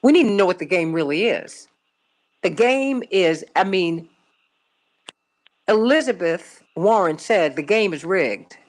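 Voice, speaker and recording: Animated, impassioned woman radio host. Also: lowish voice, measured pace, pauses often. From Chicago. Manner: impassioned, emphatic storytelling with repeated no's. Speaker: radio talk show host. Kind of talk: call-in radio talk.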